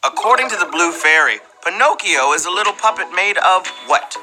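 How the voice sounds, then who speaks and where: Bright, lively man hosting a trivia show. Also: sits high, brisk, soft background music, rough recording. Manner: playful, slangy, animated, teasing the players. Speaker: trivia game show host. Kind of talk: live game show hosting.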